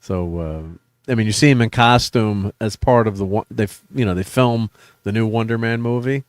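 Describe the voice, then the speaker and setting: A man with a lowish voice talks through a show in loose, casual chat, pausing on fillers and restarting his sentences with a chuckle. The recording is close and dry, with no room sound. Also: dry recording. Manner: rambling, hesitant with many fillers and restarts, chuckling often. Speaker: podcast host. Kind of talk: casual chat, live stream review.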